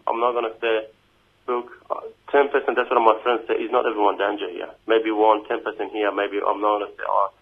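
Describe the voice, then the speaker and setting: A man whose first language is not English, speaking in a halting, emotional way on a phone interview, with many restarts and repeated "you know what I mean". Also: lowish voice. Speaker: immigration detainee giving an interview. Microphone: phone call. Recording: tinny phone line.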